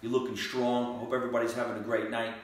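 A man's voice: mid-range voice, quick pace. A man chats on a live stream as a comedian guest and calls out to viewers one by one. His voice rings around a very echoey room. He sits a little back from the microphone. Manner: animated, greets viewers by name. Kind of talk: casual live-stream chat. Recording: very echoey room, distant from mic.

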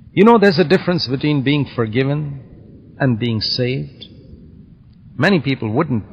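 A man teaching a Bible lesson in a measured, explanatory way, using everyday illustrations. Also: fairly high pitch. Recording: slightly dull audio, faint background hiss.

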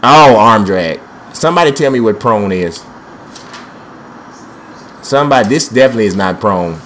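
A man's voice: on the low side, expressive, normal speed, a bit bright. A young man giving panicky, trash-talking commentary while playing a wrestling video game, with speech. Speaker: gameplay commentator. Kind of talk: excited let's-play commentary.

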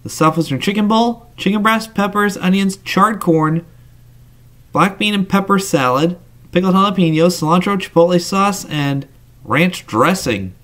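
Brief: man, slightly high voice, reads menu lists casually, adds off-the-cuff asides, trips over words now and then. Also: moderate pace, a bit bright. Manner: reads menu items aloud in lists, with asides and small slips. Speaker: menu reviewer.

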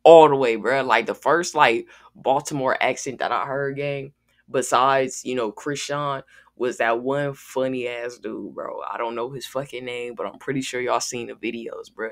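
A man's voice: mid-range voice, fairly even intonation, moderate pace, a bit bright. A man hosting a music reaction video, talking casually in a slangy, laid-back way. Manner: slangy, laid-back, peppers talk with "bro" and "gang".

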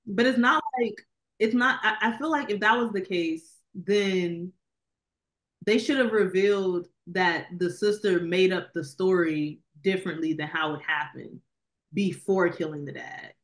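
Her voice is fairly low and unhurried as she co-hosts a podcast, casually discussing a film she reviewed. The review chat is rambling and packed with fillers.

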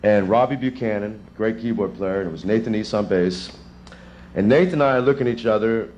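A man in his thirties, a session drummer, answering students' questions in a rambling, animated way with chuckles, in a music school classroom. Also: fairly low pitch, slight background noise. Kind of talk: casual Q&A with students.

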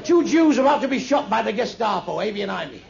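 An older man, a stand-up comedian, telling crude jokes full of swearing with deadpan punchlines. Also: high-pitched, quick pace, vocal fry, a faint crowd. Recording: muffled lo-fi with faint hiss.

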